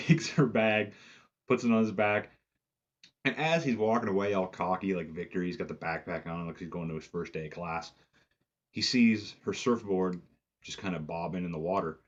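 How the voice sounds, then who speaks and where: Low, husky-voiced man; loose, profane, filler-heavy reviewer recap. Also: moderate pace, muffled recording. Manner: profane, rambling, lots of "like" fillers. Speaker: movie reviewer. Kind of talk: casual film review recap.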